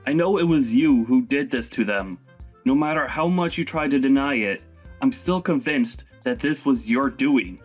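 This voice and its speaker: A man's voice: medium pitch, expressive, normal speed, soft background music, lightly acted. A man voicing a stern, indignant young son. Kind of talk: animated story voice acting.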